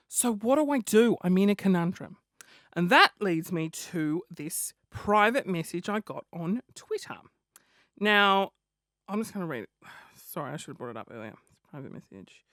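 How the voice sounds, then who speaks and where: A man's voice: high voice, animated, normal speed, sharp tone, no echo, studio quality. Camp, chatty man. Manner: camp, self-deprecating and chatty. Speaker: podcast host. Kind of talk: comedic podcast monologue.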